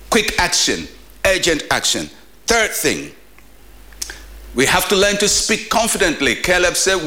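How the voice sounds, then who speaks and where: A man preaching as a pastor in a short daily devotional sermon, emphatic, with animated rises. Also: high-pitched, a little slow.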